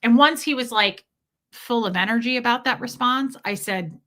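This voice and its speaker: A woman frankly telling a painful personal story, uneasy and halting at times, with some swearing. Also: fairly high pitch, sharp tone. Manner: uneasy, halting and self-correcting.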